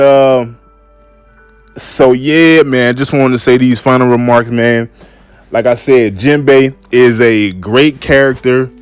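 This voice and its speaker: A man's voice: medium pitch, clear, resonant tone, no room sound. A man hosting a casual solo podcast, laid-back and repetitive, often saying "man". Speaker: podcast host.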